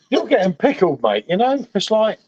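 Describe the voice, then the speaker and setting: A man's voice: high-pitched, wildly swooping pitch, normal speed, darkish tone, dull audio. A slightly tipsy man hosting a casual beer-sampling livestream, matey and rambling, calling everyone "mate". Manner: matey, repeats himself, says "mate" a lot. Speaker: livestream host. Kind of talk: casual chat.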